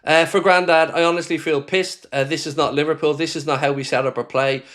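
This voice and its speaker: A man's voice: a little high, steady tone, fairly quick, a bit bright. An Irishman hosting a live football fan reaction stream, ranting angrily, swearing and reading viewer comments aloud. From Ireland. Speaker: fan channel host.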